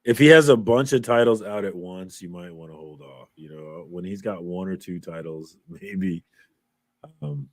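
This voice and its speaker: A man co-hosting a livestream, chatting in a relaxed, easygoing way. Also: sits low, moderate pace, no room sound. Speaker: livestream co-host. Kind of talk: casual chat.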